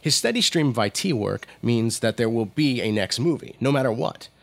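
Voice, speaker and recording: Man, commentary narration, opinionated, animated pitch, lowish voice. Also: moderate pace, vocal fry.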